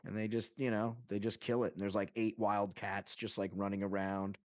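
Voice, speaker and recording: Male podcast co-host from Long Island, New York. Excitable rambler with casual swearing, lower voice. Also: normal speed, no echo, clean studio sound. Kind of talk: casual chat.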